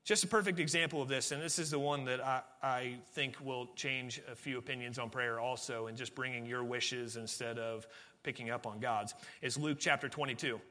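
A man, a pastor, preaching a sermon earnestly, pushing phrases up with emphasis and then dropping to a quieter, intimate tone. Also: medium pitch, fairly even intonation, moderate pace, long reverb tail.

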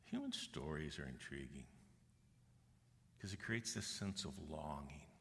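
A middle-aged pastor preaches a sermon in a church auditorium, his very deep, fairly bright voice moving at a measured pace. He tells stories earnestly and expressively, acting out the people in them with quoted voices. The large hall adds a long reverb.

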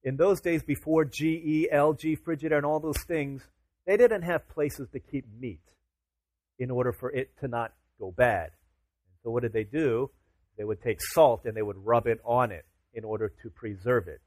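A man's voice: medium pitch, normal speed, a little mellow, no echo. A man preaching a sermon to his congregation, casual and chatty, rising to emphatic declarations. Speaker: pastor.

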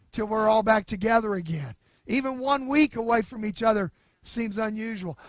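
A man's voice: very high voice, fairly bright tone, no room sound. A male pastor delivering a sermon in an earnest, conversational way with casual asides, in a nearly empty church building.

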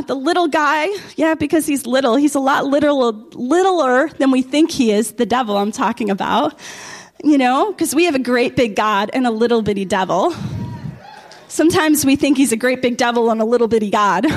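A middle-aged woman preaching a sermon, telling stories in an animated, excitable way. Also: high-pitched.

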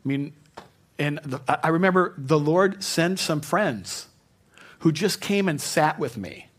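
A middle-aged male pastor delivers a sermon in a fairly high-pitched voice. He tells personal stories in a confiding tone, sinking to near-whispers and then climbing to earnest, fervent peaks. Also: animated, measured pace. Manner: personal storytelling, swings from hushed to fervent.

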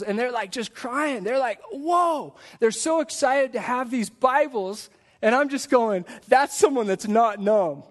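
Brief: male pastor, high voice, earnest sermon delivery, keeps asking the room questions. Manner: earnest, repeats rhetorical questions to the congregation. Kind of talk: live sermon. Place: church in front of a congregation.

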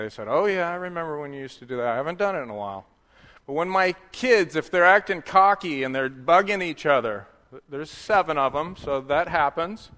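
A man preaching a sermon, sometimes dropping to a soft, hushed voice. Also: on the high side, big-room sound. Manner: drops to a soft, hushed voice for quiet reflection. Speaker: pastor.

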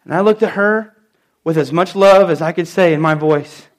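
A middle-aged man preaching a sermon in church, telling stories and stressing key phrases with slow, emphatic repeats. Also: fairly high pitch. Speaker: pastor.

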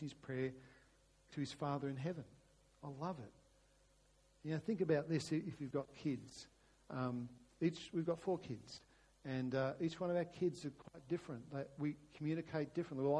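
A middle-aged man preaching a conversational sermon, restarting phrases often and sometimes dropping to a hushed, prayerful tone. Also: a little high, normal speed, husky. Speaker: pastor.

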